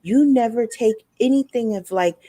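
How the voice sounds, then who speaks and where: A woman's voice: fairly high pitch, normal speed, dark tone, dry recording. Earnest woman telling her story in a dry recording. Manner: earnest, acts out remembered dialogue. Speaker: guest, motivational speaker. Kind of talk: personal storytelling in a podcast interview.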